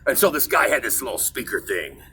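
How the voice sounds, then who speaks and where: Middle aged guy from kansas rambling on his own show, bright forceful voice, swings his pitch a lot. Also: sing-song, brisk, slight background noise. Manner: digressive, self-mocking, loses his thread. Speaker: show host. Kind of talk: casual rambling monologue.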